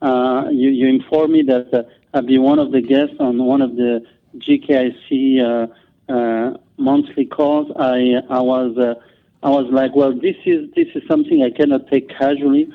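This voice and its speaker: A man's voice: medium pitch, normal speed, creaky. A man with a French accent, a native French speaker, talking as a guest in an interview with many restarts and fillers. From France. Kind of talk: interview on a call. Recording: tinny phone line.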